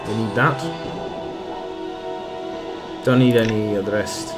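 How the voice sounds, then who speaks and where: A man's voice: lowish voice, fairly even intonation, slow pace. A man casually commenting on a game he is playing, reading its text aloud with muttered asides. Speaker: game streamer. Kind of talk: casual let's-play commentary. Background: game music.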